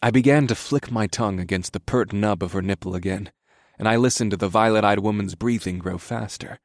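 A man narrating an erotic story in the first person, in a steady, subdued reading voice. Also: lowish voice, fairly quick, no room sound, studio quality.

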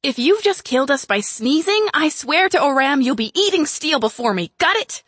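A man voicing a sly, teasing young woman with powers in an audiobook, in a high, lively put-on voice. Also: measured pace, dry recording, clean studio sound, exaggerated voice. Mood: fierce. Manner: teasing, sassy. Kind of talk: audiobook narration.

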